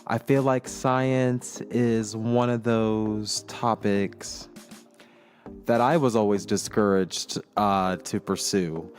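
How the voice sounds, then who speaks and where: Slow low-voiced guy rambling through his own podcast, lots of ums, faint music underneath. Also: fairly even intonation. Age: adult. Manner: slow, reflective, with many fillers. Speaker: podcast host. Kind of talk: casual solo podcast monologue.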